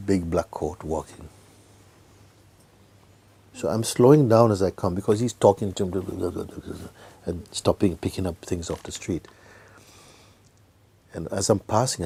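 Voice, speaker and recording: A man giving a spiritual talk to a gathering, speaking gently, often laughing and sometimes dropping into a whisper. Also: sits low, breathy edge. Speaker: spiritual teacher.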